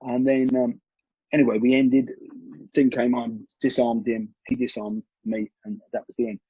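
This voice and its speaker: A man, a martial arts coach, telling animated stories in a conversational interview, often restarting his sentences. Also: medium pitch, normal speed, husky, no room sound. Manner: animated storyteller with frequent restarts. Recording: dull lo-fi recording.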